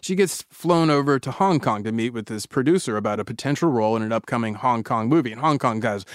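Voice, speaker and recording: A man co-hosting a podcast, telling a story in a casual, joking, animated way. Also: mid-range voice, fast, no room sound, clean studio sound. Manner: animated, joking, laughing often.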